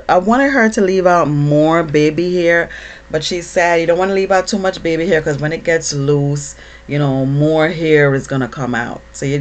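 A woman vlogging casually to camera, chatty and animated, with lots of fillers. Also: low voice. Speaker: beauty vlogger.

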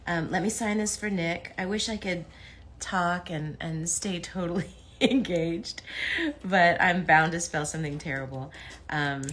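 A woman chats easily to her livestream audience while she signs, reading out fans' messages and tossing in little asides and laughs. Her voice sits low for a woman, and its tone is bright and forward. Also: slight background noise. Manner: chatty, reads fan comments aloud, laughs often, asides to chat. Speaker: voice actress signing autographs on a livestream. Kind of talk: casual live chat while signing.

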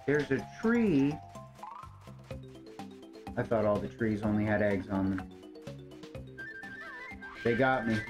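A man's voice: on the low side, animated, takes it slowly, long pauses, music in the background. A man streaming a video game, chatting casually and muttering to himself and his pets as he plays. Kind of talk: casual gameplay commentary.

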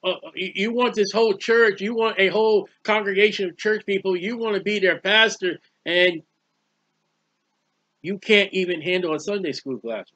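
A man's voice: high-pitched, moderate pace, fairly bright tone, lo-fi sound. A man giving a conversational Bible teaching, plain-spoken, repeating phrases and firing rhetorical questions. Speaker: preacher.

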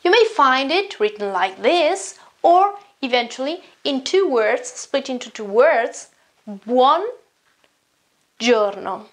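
An Italian woman teaches a beginner language lesson in English with her Italian accent. She talks slowly and patiently, repeating words and checking in often. Her voice sits a little high. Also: expressive. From Italy.

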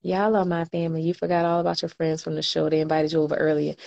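A woman's voice: low voice, flat delivery, fast, gravelly, a little mellow, muffled recording. A woman, chatting casually on a livestream and reading viewer comments aloud with slangy laughter. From New Orleans, US. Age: 20s. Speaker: livestream host.

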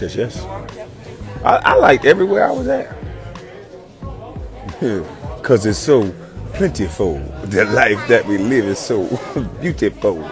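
A former pro athlete in his thirties, with a mid-range voice, chats casually and playfully. He's full of slang, repeats himself, and laughs as he talks.

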